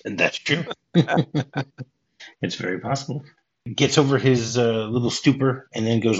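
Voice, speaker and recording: A man's voice: mid-range voice, normal speed, highs cut off. A man hosting a casual movie podcast who retells film scenes and acts out the characters' lines. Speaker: podcast host.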